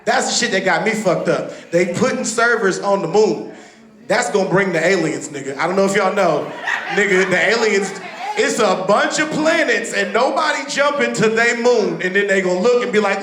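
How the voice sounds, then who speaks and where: Man, stand-up comic, high voice, loud and animated, profane, roomy club sound. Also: fairly quick. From Texas. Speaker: stand-up comedian. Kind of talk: stand-up comedy set. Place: comedy club stage.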